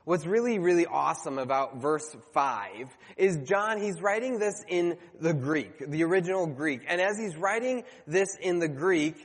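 A man's voice: a little high, expressive, normal speed, few pauses, long reverb tail. A man preaching a sermon to his congregation, earnest and conversational, sometimes stumbling and correcting himself.

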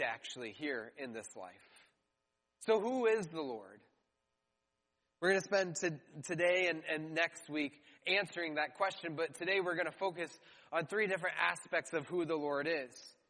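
Pastor, male, higher-pitched voice, conversational sermon delivery in a hall with long reverb. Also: a bit bright. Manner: conversational preaching, acts out mocking quotes. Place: church hall.

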